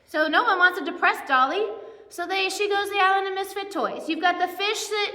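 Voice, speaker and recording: Woman pastor, bright high voice, chatty sermon style, echoey church hall. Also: fairly quick. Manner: chatty, self-deprecating, many asides and fillers. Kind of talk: conversational sermon.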